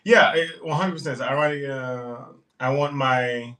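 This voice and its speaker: A man's voice: mid-range voice, normal speed, a bit bright, far from the mic, low-quality recording. Man hosting a rambling livestream. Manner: reads chat comments aloud and rambles on politics. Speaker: livestream host. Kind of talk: casual livestream chat.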